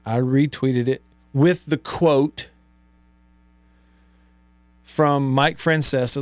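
A man hosting a sports talk radio show in a studio, animated and exasperated, asking rhetorical questions. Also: medium pitch, no room sound. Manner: animated, exasperated, rhetorical, rising to near shouts. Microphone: studio microphone.

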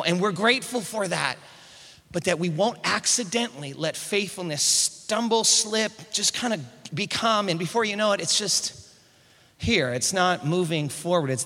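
A man's voice: high voice, pushed and bright, big-room sound. A man preaching a sermon, calling the congregation to answer back and often repeating words as he builds up. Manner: call-and-response, rising to emphatic preaching; repeats words at starts of phrases.

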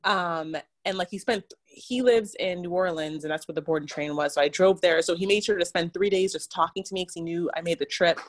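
A woman's voice: lowish voice, brisk, few pauses. A woman telling a personal story in casual chat, full of "like" and quoted back-and-forth. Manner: chatty, fillers like "like", quotes others. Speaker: guest.

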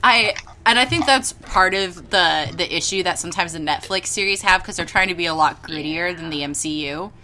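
A woman co-hosting a casual podcast, telling things in an expressive, emphatic way. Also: on the low side, brisk, hardly any pauses, a little hiss or hum. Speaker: podcast co-host.

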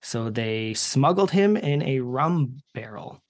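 A man with a Canadian accent, a podcast host who shares trivia in relaxed casual chat. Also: medium pitch, takes it slowly.

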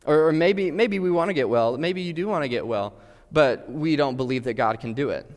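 A pastor preaches a sermon in an earnest, direct way, putting questions straight to his listeners. His voice is a little high, expressive and a little fast, and the recording has long hall reverb.

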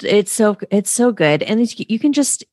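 A woman's voice: mid-range voice, expressive, normal speed, a little mellow, no room sound, clean studio sound. A woman in her thirties co-hosting a book podcast, chatting casually and laughing often. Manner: chatty, laughs often, reads quotes aloud.

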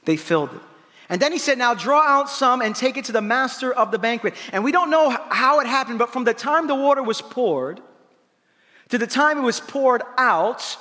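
A male pastor preaching a sermon in an animated, playful way, acting out the lines he quotes. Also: very high voice, moderate pace. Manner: animated, playful preaching with laughs and voiced asides. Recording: long hall reverb.

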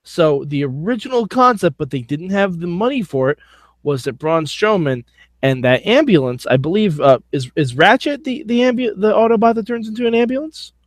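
A male podcast co-host talking in a fairly high voice, joking and rambling with frequent restarts. The sound is dry and close to the mic, with no room around it. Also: lively intonation, normal speed, no echo. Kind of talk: casual chat.

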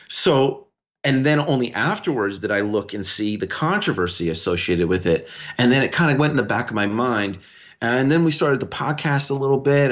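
Guy on a podcast rambling through a story, kinda low voice, muffled lo-fi audio. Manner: rambling, animated storytelling with many restarts. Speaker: podcast co-host. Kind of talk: casual podcast conversation.

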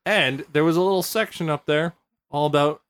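A man on a comedy podcast, telling crude stories in an animated, joking way with laughing asides. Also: fairly high pitch, a little fast, clear, resonant tone. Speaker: podcast host. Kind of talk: casual comedy podcast chat.

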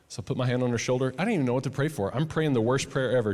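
A man's voice: mid-range voice, fast, a little mellow. A man pastor telling a personal story in a conversational sermon, then building to an impassioned call to his congregation. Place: church auditorium. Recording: long hall reverb.

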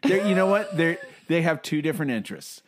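A man's voice: a little high, animated, fairly quick, heavy background noise. A man co-hosting a podcast, rambling through comic strip panels in casual comedic chat, often restarting and breaking into laughter.

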